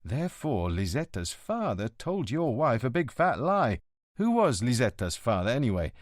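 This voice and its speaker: A man voicing a calm, direct middle-aged police inspector who speaks in a level, plain-spoken way. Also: medium pitch, normal speed, dry recording, studio quality, close to an everyday voice.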